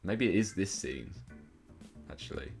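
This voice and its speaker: A man's voice: sits low, lively intonation, measured pace, creaky, faint music behind. A man co-hosting a casual film commentary, analytical and thinking aloud with plenty of filler words.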